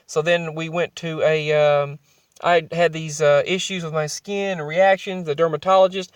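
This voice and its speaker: A man's voice: on the high side, no room sound. A young adult man telling his own story in a vlog, rambling and emotional, often restarting his sentences.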